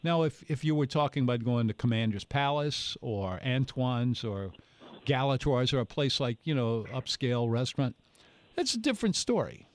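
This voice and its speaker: Folksy New radio host. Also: male voice, mid-range voice, expressive, moderate pace. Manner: folksy, rambling, tells anecdotes with put-on voices. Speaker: radio food show host. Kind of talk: call-in radio talk. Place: radio studio. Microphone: studio microphone.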